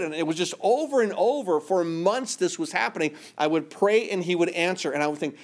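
Higher-voiced man preaching a sermon. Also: animated, a little fast. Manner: earnest preaching, voice dropping soft in quoted prayers. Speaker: pastor.

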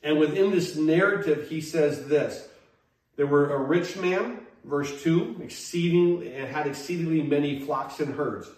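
Slightly high and darkish, the preacher's voice keeps a measured pace as he delivers an emphatic sermon, restarting phrases and quizzing the congregation. Faint noise, hall echo, and a distant mic mark the recording.

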